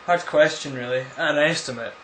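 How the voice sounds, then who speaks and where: A man's voice: on the high side, normal speed, a bit bright, a little hiss or hum. A man answering viewer questions in a casual, rambling vlog, full of crude, absurd jokes. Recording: echoey room.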